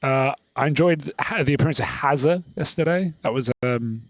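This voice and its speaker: A man's voice: mid-range voice, normal speed, dry recording. A man commentating an esports match, trading teasing banter with his co-casters. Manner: teasing, relaxed play-by-play.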